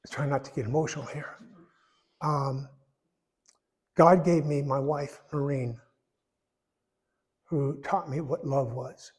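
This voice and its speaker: A man in his eighties giving a personal testimony in church, rambling and folksy, pausing when emotional. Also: medium pitch, fairly even intonation. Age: 80s. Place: church sanctuary. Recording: echoey church hall.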